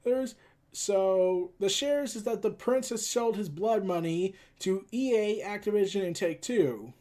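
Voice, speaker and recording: A man's voice: high-pitched, animated, a little slow, warm tone. A man hosting a casual news commentary, rambling with sarcastic asides. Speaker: host.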